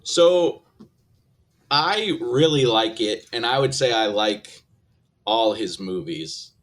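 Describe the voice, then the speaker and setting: A man's voice: mid-range voice, lively intonation, slow pace, a bit bright. A man talking casually about a film as a podcast guest, hedging and thinking aloud. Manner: hedging, thoughtful, many fillers.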